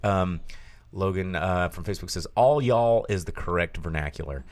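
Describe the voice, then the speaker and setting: A man with a Southern US accent, co-hosting a podcast, telling lively stories in a casual way and swearing now and then. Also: deep voice, normal speed. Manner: animated storyteller, swears casually. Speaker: podcast co-host. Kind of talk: casual chat.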